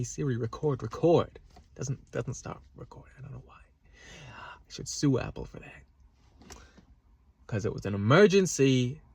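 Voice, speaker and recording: Agitated man ranting in a parked car. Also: mid-range voice. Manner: agitated, swearing, repeats himself. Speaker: vlogger. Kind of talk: casual storytelling rant. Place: parked car in a parking lot.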